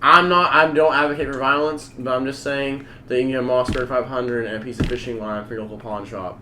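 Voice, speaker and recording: A man telling a story on a casual podcast, profane and excitable, acting out quotes loudly. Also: medium pitch, fast talker, background noise. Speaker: podcast co-host.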